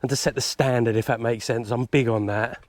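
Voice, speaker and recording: A man's voice: mid-range voice, fairly even intonation, brisk, darkish tone, no room sound. A man chatting casually to camera outdoors, explaining what he is doing as he goes. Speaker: vlogger and gundog handler. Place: outdoors on a country estate.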